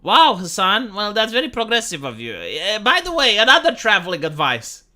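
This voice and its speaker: A man's voice: high voice, wildly swooping pitch, normal speed, pushed and bright. A man who streams live and reacts with sarcastic, rambling commentary. He swears casually. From Romania.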